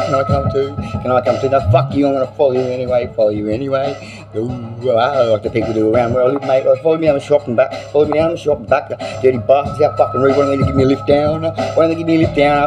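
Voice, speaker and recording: A man's voice: medium pitch, low-quality recording. A man freestyle rapping, repeating lines in rambling, profane rhymes. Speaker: freestyle rapper. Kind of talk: freestyle rap over a beat. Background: loud beat playing.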